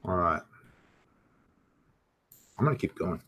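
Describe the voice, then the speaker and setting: A man hosting a live crypto market stream, giving casual chart commentary, chatty and thinking out loud as he reads viewer comments. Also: low-pitched, lively intonation, slow pace, slightly rough.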